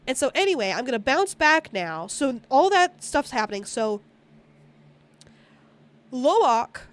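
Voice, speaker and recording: A woman's voice: high voice, very animated, measured pace. A woman streamer casually recapping a movie, rambling, swearing often and acting out the characters' lines. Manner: rambling, frequent swearing, acts out character quotes.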